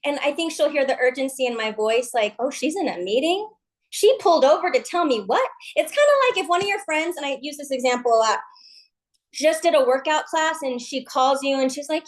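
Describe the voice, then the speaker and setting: High-voiced, emphatic woman giving a pep talk. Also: animated, fairly quick. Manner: emphatic, upbeat, folksy slang. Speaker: MLM team leader on a call.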